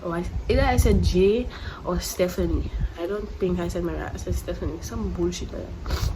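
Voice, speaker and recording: A woman's voice: fairly low pitch, moderate pace. A young woman vlogger telling a story in casual chat, blunt and profane with lots of slang fillers. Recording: noisy home recording.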